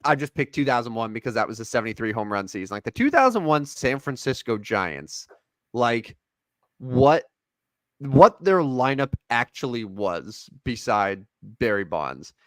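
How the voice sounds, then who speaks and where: A man's voice: medium pitch, normal speed, dry recording. A man co-hosting a casual sports podcast, rambling and joking as he talks baseball and reads the show plugs. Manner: rambling, jokey, animated sign-off. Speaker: podcast co-host.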